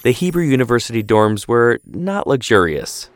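A man narrating a scripted story in a measured storytelling manner. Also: medium pitch, very animated, no room sound.

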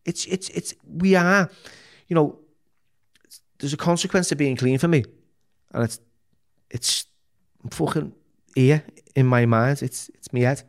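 A man's voice: a little high, unhurried, creaky, long pauses. A middle-aged man, a podcast guest talking candidly, bluntly and full of swearing, often restarting his sentences. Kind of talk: candid interview talk.

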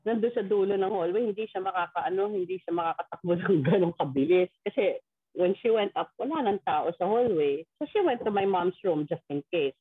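A woman's voice: medium pitch, brisk, husky, no room sound. A middle-aged Filipino woman in casual chat, mixing English and Tagalog as she tells a ghost story and acts out quoted voices. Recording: tinny phone-like line.

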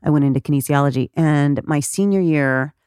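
A middle-aged woman from Texas, a guest telling her story in an interview, animated and laughing often as she acts out quoted voices. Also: deep voice, a little fast, clean tone, no echo, clean studio sound. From Texas, United States.

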